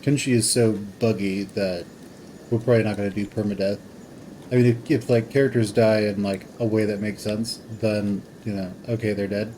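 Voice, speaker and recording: A man with a fairly low voice gives casual commentary while he plays a game. He thinks out loud, trails off and restarts his sentences as he goes. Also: fairly even intonation, normal speed, a little hiss or hum, low-quality recording. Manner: thinks aloud, rambling with restarts. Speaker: game streamer.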